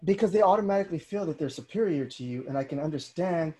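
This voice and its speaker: A young man hosting a podcast speaks quickly in a fairly high, slightly rough voice. Chatting casually, he's an animated storyteller who performs the voices of the people he quotes.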